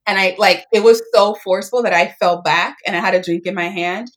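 A woman's voice: mid-range voice, fairly even intonation, brisk. A woman in her twenties telling a personal story in casual chat, full of fillers and acted-out quotes. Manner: chatty, lots of "like", acts out quotes.

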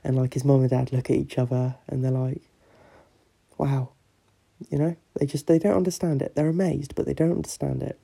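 Guy rambling through a joke on his podcast, gravelly dark voice, lots of ums. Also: mid-range voice, level tone, quick pace, few pauses. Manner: rambling, filler-heavy storytelling. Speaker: podcast host. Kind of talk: casual joke telling.

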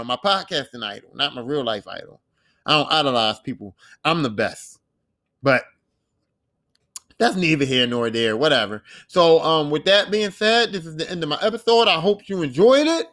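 A man's voice: sits high, fairly bright tone. A young man hosting his own podcast, talking in a loose, rambling and profane way, with boastful asides. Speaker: podcast host. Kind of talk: casual solo podcast monologue.

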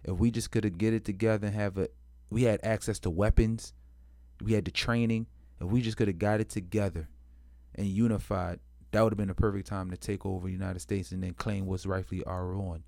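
This history commentator has a fairly low, darkish voice with vocal fry and a brisk pace. He tells history casually and slangily, cursing often, tripping over restarts, and acting out each side in quoted voices. The recording is studio quality without echo.

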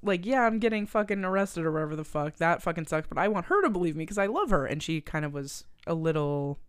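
A woman's voice: lowish voice, expressive, fast, clear, resonant tone, no echo, studio quality. A young woman co-hosting a podcast, chatting casually, swearing a lot and acting out quotes. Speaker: podcast co-host. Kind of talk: casual chat.

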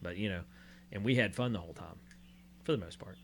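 A man co-hosting a casual sports talk show, telling blunt, animated stories about youth coaching. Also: low-pitched, fast talker, a little hiss or hum.

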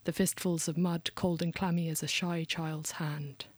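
A woman with a southern English RP accent from London performing dark spoken word poetry, dropping some lines to a hushed whisper. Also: sits low, little pitch movement, moderate pace, no echo. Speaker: poet, guest.

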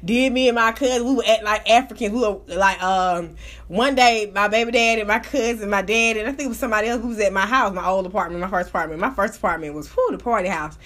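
A woman's voice: mid-range voice, fast, a bit bright. A young adult woman hosting a casual commentary podcast, talking in a brash, profane, laughing storytelling manner. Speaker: podcast host.

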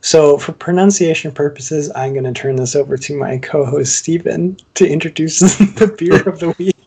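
A man hosting a casual podcast about beer, easygoing and quick to laugh. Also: a little high, vocal fry, crowd noise. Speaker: podcast host. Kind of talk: casual chat.

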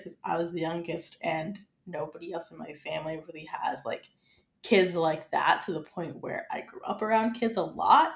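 A young woman co-hosting a podcast in casual chat, animated and swearing freely as she acts out quotes. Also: lowish voice, moderate pace, gravelly, reverberant. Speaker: podcast co-host.

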